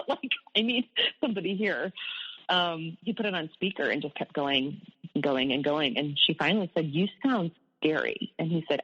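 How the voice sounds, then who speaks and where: A woman's voice: sits low, animated, a little fast, bright, forceful tone, husky, in a large hall, lo-fi sound. A woman, an abuse survivor, telling her story candidly in an interview, with rueful laughs at hard memories.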